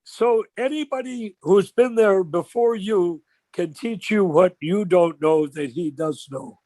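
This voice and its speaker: An older man leading an informal religious discussion on a video call, telling stories with rhetorical questions in an animated way. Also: high voice, a little slow, dry recording. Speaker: discussion leader.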